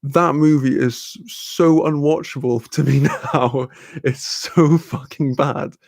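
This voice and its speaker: A man's voice: fairly high pitch, fairly even intonation, takes it slowly, creaky, a little mellow, dry recording, clean studio sound. A British man hosting a casual live-stream chat, rambling, swearing freely and laughing often as he reads viewer comments.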